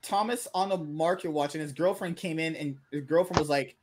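A man's voice: fairly high pitch, fairly quick, crowd noise. A man co-hosting a streamed podcast, joking crudely and laughing often in casual chat. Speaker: podcast co-host.

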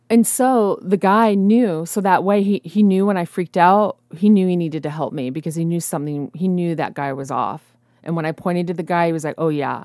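A woman's voice: lowish voice, darkish tone, dry recording, clean studio sound. A young adult woman, telling a personal story in a casual, rambling way with lots of fillers and restarts. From United States. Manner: rambling, halting, many fillers.

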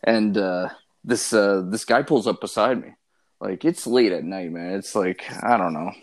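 Low-voiced man telling a casual story. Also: a little slow. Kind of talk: casual chat.

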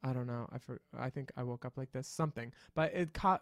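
A man's voice: mid-range voice, fairly quick, dry recording. Campy sassy guy guesting on a podcast, dry mic, witty. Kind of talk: casual chat.

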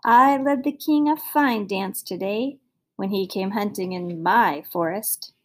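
A woman's voice: mid-range voice, measured pace, lightly acted. A woman voicing a big tiger in a fairy tale, growling at first and then purring kindly as a protective guardian. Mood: proud. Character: big gruff tiger turned friendly guardian.

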